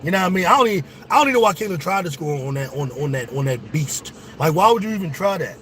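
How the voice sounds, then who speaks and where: An excitable man, a sports show host, calls a game live in casual watch-along commentary, cursing and speaking directly to viewers. His voice is on the high side and he talks fast.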